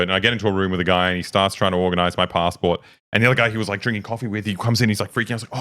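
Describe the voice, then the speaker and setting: Young male streamer, low-pitched, talks quick, rambling and profane, casual chat. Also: smooth. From Serbia. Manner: fast, rambling, swearing, animated anecdotes.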